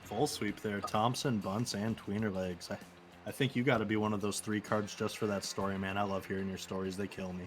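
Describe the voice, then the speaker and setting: A man with a low, flat voice calls a baseball game on a stream and reads out the numbers in a steady recap. Faint music sits underneath. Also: fairly quick. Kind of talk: sports recap commentary.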